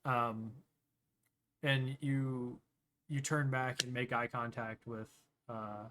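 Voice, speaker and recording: A man running a tabletop game as game master, narrating scenes in a meandering way and often pausing to search for words. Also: mid-range voice, steady tone, background noise.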